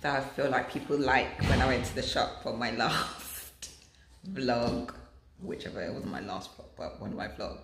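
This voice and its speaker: A woman's voice: rumbling low, a little slow, roomy sound, a little hiss or hum. A young woman chatting casually and jokingly while vlogging her errands from the car and shops. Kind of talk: casual vlog chat. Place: car and shops during rainy season.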